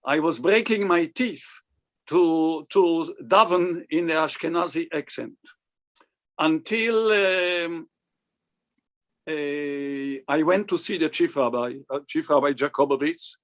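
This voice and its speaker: Older guy cantor swapping stories, slightly high voice, does all the voices in his tales. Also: slow pace. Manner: animated, acts out quoted dialogue. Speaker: cantor, interviewee. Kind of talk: anecdotal storytelling.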